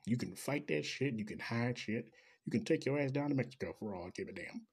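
A man in full rant, swearing through nearly every sentence and dripping with sarcasm. His voice is husky and breathy, sitting at an ordinary middle pitch for a man. He talks straight at his audience, heated and scornful. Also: lively intonation, fairly quick. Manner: angry, profane, sarcastic. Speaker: commentator. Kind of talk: ranting commentary.

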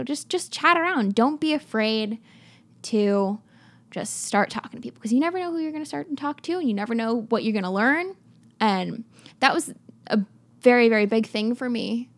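A young woman telling travel stories to her viewers in a chatty, filler-heavy way. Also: on the high side. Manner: chatty, many fillers, addresses viewers directly. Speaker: travel vlogger. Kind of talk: casual travel storytelling.

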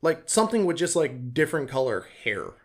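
Man, podcast co-host, casual chat, animated, slightly high voice. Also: fairly quick. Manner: animated, acts out quoted voices.

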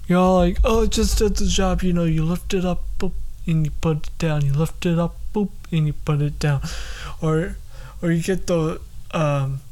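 A man's voice: a little high, fairly even intonation, normal speed, dark tone. A man hosting a solo podcast from his bedroom late at night, rambling, swearing and mocking himself. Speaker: podcast host.

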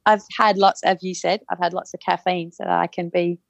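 A woman's voice: fairly low pitch, flat delivery, brisk, gravelly, no echo, dull audio. A woman from Western Australia with an Australian accent, an enthusiastic podcast guest calling in remotely. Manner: enthusiastic, laughs easily. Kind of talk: remote interview conversation.

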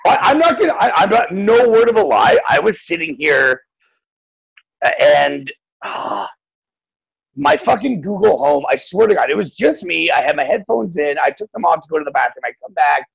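Guy with a raspy gravelly voice swinging all over the place, swearing through stories. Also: sits high, moderate pace, rough recording. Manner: animated, profane, acts out voices in stories. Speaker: podcast co-host. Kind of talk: casual chat.

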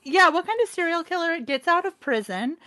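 High-voiced wry woman, blunt and teasing. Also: lively intonation, fairly quick, bright, forceful tone, no echo. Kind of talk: casual movie review chat.

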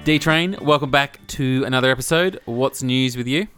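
A man's voice: mid-range voice, normal speed, fairly bright tone, soft background music. A man in his thirties with an Australian accent, co-hosting a podcast in a joking, laid-back way. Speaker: podcast co-host. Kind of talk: casual chat.

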